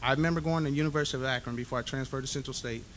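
Bright-voiced man telling football stories. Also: mid-range voice, very fast, slight background noise. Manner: animated storyteller acting out dialogue. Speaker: hall of fame inductee giving a speech. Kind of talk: storytelling acceptance speech. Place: banquet hall.

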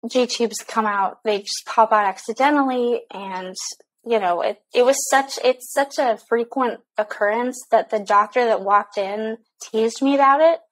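A woman's voice: a little high, a little slow, rough recording. A young adult woman and mother telling a candid, emotional story-time vlog, swearing now and then, with plenty of fillers. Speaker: vlogger mom.

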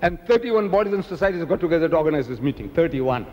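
An older man from South Africa giving an animated public lecture, telling stories and mimicking the people in them. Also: on the high side, quick pace, in a large hall, lo-fi sound, a little hiss or hum. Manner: animated storytelling, mimicking others. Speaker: preacher.

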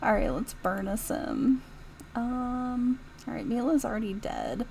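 A woman giving chatty, giggly commentary as she plays through a game mod, reacting out loud to what happens on screen. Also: fairly high pitch, unhurried, creaky, slight background noise, rough recording. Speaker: YouTuber reviewing game mods. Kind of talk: casual gameplay commentary.

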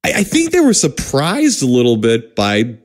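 A man co-hosting a podcast, telling a comic story in an animated, profane way that breaks into loud yelps. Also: medium pitch, normal speed. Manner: animated, profane, bursts into yelling. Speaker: podcast co-host. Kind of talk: casual comedic storytelling.

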